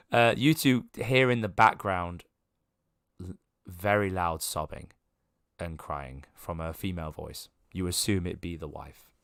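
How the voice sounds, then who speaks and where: A man's voice: deep voice, slow, no echo, clean studio sound. A man narrating as game master of a tabletop game, rambling casually with many ums and restarts.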